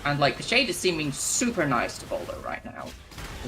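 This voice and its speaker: A man's voice: fairly high pitch, wildly swooping pitch, normal speed, background noise. A man casually retelling game lore while playing, rambling with lots of fillers and restarts.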